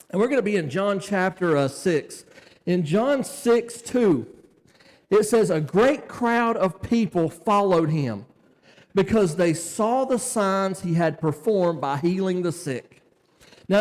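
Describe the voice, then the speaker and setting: A folksy male preacher from Tennessee with a fairly high voice, telling stories and acting out both sides of the conversations. His talk rings with a long reverb from the church hall. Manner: folksy, animated, acts out dialogue. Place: church sanctuary.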